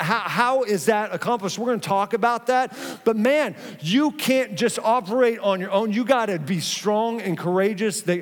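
The long echo of a big church hall carries a pastor's sermon, delivered conversationally and with lively energy. He sits high in pitch for a man and scatters playful asides between his points.

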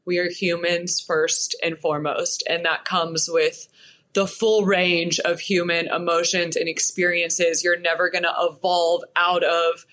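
A woman from Texas, a business and mindset coach, speaking as a podcast guest in a reflective, measured and gently reassuring way. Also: fairly low pitch. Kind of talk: podcast interview.

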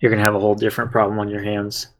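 A man running a tabletop game as dungeon master, narrating in an unhurried way. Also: fairly low pitch, completely flat delivery. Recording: faint background noise.

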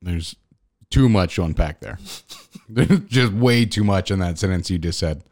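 A man's voice: sits low, unhurried, darkish tone. A man co-hosting a casual podcast, dry and blunt, swearing casually. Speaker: podcast co-host. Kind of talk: casual chat.

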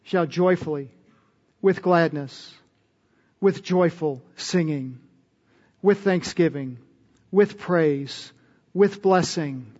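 A man's voice: a little high, darkish tone, slightly rough, in a large hall, highs cut off. A man preaching a sermon as pastor, earnest and emphatic, often putting questions to his listeners.

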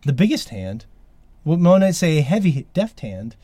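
A man's voice: fairly high pitch, very animated, moderate pace, warm tone, no room sound. Dry-voiced exasperated male podcast host. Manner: emphatic, exasperated, sweary. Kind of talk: casual chat.

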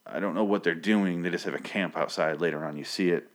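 A man's voice: low-pitched, fast talker. A man casually recapping a story, rambling with crude jokes and sarcastic asides. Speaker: comic book recap host.

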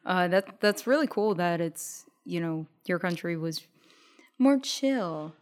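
Chatty woman host, lowish voice. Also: fairly even intonation, normal speed, clean tone. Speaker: podcast host. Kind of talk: casual interview chat.

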